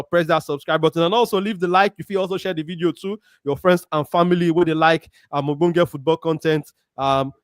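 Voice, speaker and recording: A man from Nigeria, speaking with a Nigerian Pidgin accent, hosts a casual football chat show, reading out viewer comments and giving lively shout-outs. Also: a little high, no room sound, clean studio sound. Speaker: show host. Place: Warri, Nigeria.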